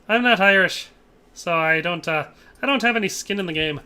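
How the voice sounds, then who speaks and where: Young male streamer, casual banter, bright tense tone. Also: a little high, normal speed, long pauses, smooth. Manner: chatty, jokey, tries mock Irish accents. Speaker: game streamer. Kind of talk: casual live-stream commentary.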